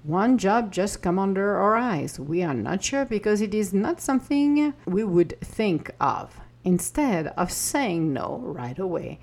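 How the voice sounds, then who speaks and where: Gravelly, husky-voiced woman hosting a spiritual podcast. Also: mid-range voice, lively intonation, a little slow, hardly any pauses, a little mellow. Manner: earnest, encouraging, slips into acted inner-voice quotes. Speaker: podcast host. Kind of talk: reflective spiritual podcast talk.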